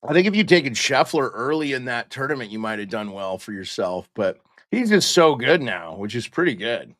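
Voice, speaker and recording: A man's voice: medium pitch, sing-song, normal speed, fairly bright tone, no echo, clean studio sound. Chatty man hosting a live stream. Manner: chatty, greets viewers by name. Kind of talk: casual pre-game live stream chat.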